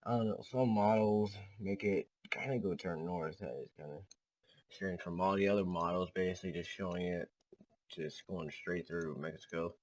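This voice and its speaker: A young man hosts his own weather video, rambling casually as he points across satellite and model maps. His voice sits a bit low, and he leans on filler words between thoughts. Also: normal speed, darkish tone, rough recording. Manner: loose and rambling, many "so yeah" fillers. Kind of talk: casual weather briefing over screen maps.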